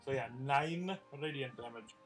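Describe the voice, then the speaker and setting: A man's voice: medium pitch, moderate pace, faint music behind. A man playing a tabletop game, talking casually and correcting himself as he works out the numbers. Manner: chatty, unsure, self-correcting. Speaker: player.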